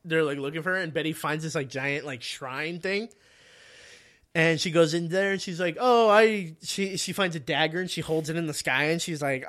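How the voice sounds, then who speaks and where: Excited man retelling a comic story. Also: fairly high pitch, moderate pace. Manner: animated storytelling, swears freely, acts out characters. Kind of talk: casual chat.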